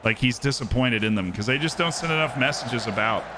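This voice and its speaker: A man streaming a game live, commenting on the play and answering chat in a joking, animated way. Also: medium pitch, fairly quick, very noisy.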